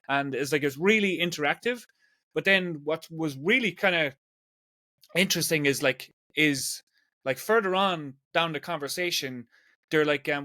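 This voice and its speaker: A man from Ireland in his forties rambles chattily on his podcast, peppering everything with "like." His voice sits on the high side and sounds sharp, at a moderate pace, captured in a clean studio with no room sound.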